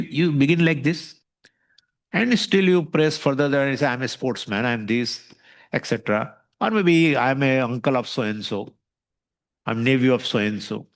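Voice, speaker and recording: A man giving a spiritual lecture on scripture, questioning his listeners and repeating his points. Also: on the high side. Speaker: spiritual teacher.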